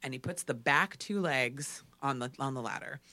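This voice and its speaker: A man casually telling a story, animated and full of fillers like "like". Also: mid-range voice, normal speed, no echo. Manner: animated, filler-heavy with frequent "like".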